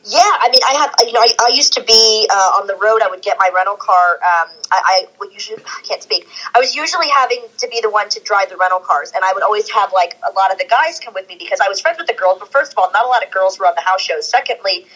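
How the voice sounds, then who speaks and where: A woman guest on a podcast, telling animated stories in casual chat and acting out the quotes. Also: medium pitch, fast talker, few pauses, lo-fi sound. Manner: animated storyteller, acts out quotes.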